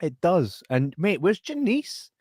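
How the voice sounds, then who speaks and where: A man's voice: high-pitched, sing-song, measured pace, darkish tone, no echo, studio quality. A man hosting a casual podcast, joking, swearing freely and reading out listener messages. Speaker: podcast host. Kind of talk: casual chat.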